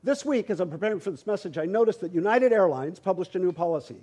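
A man's voice: high-pitched, expressive, fast talker, a little mellow, breathy edge. A middle-aged man, a pastor, preaching a sermon through a humorous, conversational personal story, often repeating words as he starts sentences.

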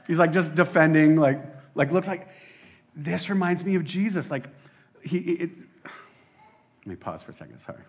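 A man preaching a casual sermon as a pastor, excitable and rambling, often laughing at himself. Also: on the high side, normal speed, long pauses. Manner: excitable, rambling, self-deprecating.

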